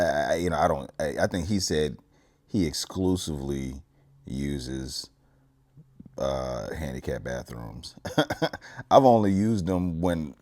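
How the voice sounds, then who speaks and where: A man's voice: extremely low pitch, darkish tone. A man reacting to a comedy clip in casual commentary, rambling and hesitant and laughing between his thoughts. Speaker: reaction video host.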